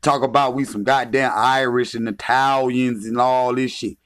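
A man's voice: mid-range voice, fairly even intonation, moderate pace, fairly bright tone. A man delivering a heated, profane, taunting rant as a vlogger. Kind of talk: confrontational rant.

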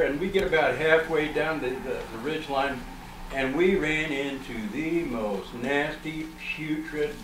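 A man telling an audience a long story, rambling along with many "uh" and "you know" fillers. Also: fairly high pitch. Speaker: researcher presenting findings. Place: library meeting room. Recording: roomy, distant, with faint noise.

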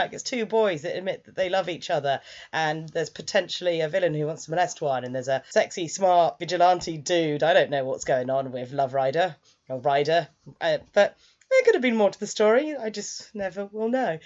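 Lively low-voiced woman reviewer. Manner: chatty, animated retelling with quick asides. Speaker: anime reviewer. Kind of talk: casual recap and review. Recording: dull lo-fi sound.

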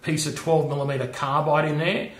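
A man's voice: fairly high pitch, flat delivery, a little fast, echoey room. A man giving a casual workshop demonstration of machining tools, chatty, often checking in with "okay" and "all right". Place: home workshop.

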